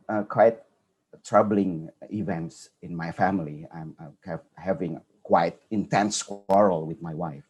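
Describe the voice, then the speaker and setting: A man with an Indonesian accent telling an earnest personal story at a conference, halting and restarting often. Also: lowish voice, a little mellow, breathy edge. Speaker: conference speaker.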